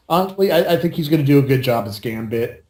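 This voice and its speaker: In casual podcast banter, this co-host rambles, swears freely and laughs a lot. His slightly mellow voice is on the high side with lively intonation, moving a little fast, and the recording has roomy echo.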